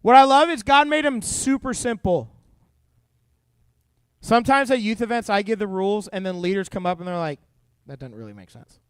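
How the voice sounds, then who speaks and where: A young adult man preaching a youth sermon, animated and jokey, acting out quoted voices. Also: sits high, normal speed, clean tone, no room sound. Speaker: youth pastor. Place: church youth room.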